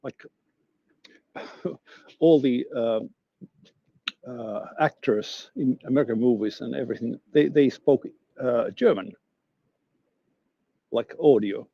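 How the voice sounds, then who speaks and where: Gravelly man, dull line. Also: mid-range voice, no echo. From Finland. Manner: halting, searching for words. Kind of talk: casual chat.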